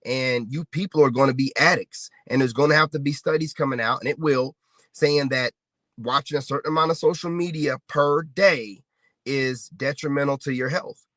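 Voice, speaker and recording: A man's voice: mid-range voice, steady tone, normal speed, fairly bright tone, dry recording. A man delivering a confrontational, mocking rant straight to his viewers, hammering the same points over and over. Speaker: online commentator. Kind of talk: ranting monologue to viewers.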